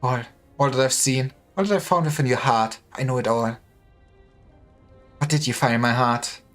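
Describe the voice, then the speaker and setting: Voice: mid-range voice, normal speed, fairly bright tone, soft background music. A streamer reading a game story aloud dramatically, voicing each character in turn.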